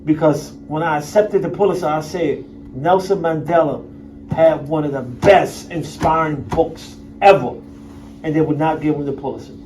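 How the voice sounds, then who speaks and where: A man's voice: a little high, normal speed, darkish tone. A middle-aged man giving a candid, blunt talk to an audience as a guest speaker, streetwise and emphatic, with coarse language. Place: university lecture room. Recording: voice picked up from a distance.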